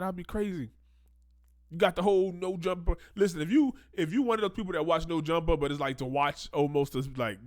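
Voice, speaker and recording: A man hosting a casual commentary show, reacting in animated slang and breaking into mocking quoted voices. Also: on the high side, brisk, no room sound, clean studio sound.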